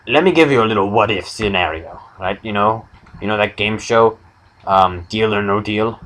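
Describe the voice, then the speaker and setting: A young man hosting an improvised comedy chat, rambling through absurd deadpan jokes. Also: fairly low pitch, moderate pace, poor audio. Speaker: comedy podcast host.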